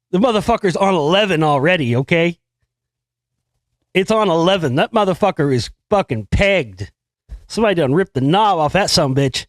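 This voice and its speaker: A man hosting a talk show in a slightly high voice, recorded dry and close. He rambles through news stories with sarcastic, profane asides. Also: dry recording. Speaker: host. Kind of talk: casual monologue commenting on news.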